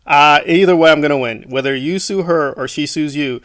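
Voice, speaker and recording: A man's voice: a little high, a little fast, fairly bright tone, no echo, clean studio sound. A man giving sarcastic online commentary, mocking and scornful.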